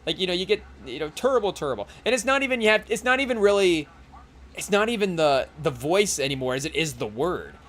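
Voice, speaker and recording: A man's voice: high voice, lively intonation, fairly quick, fairly bright tone. A young man hosting a podcast in casual chat while watching a live game, rambling and often saying "hey, yo" and addressing the chat. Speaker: podcast host.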